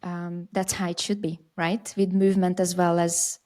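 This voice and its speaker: A woman's voice: lowish voice, flat delivery, moderate pace, warm tone. A woman hosting a podcast interview, asking probing questions and reflecting on how her own teaching has changed. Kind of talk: conversational interview.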